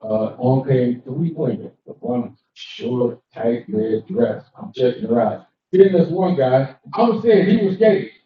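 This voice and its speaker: An older man doing crude, animated stand-up comedy, slipping into quick character voices as he tells his stories. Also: mid-range voice. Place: cigar lounge comedy stage. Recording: echoey distant dull live-room recording.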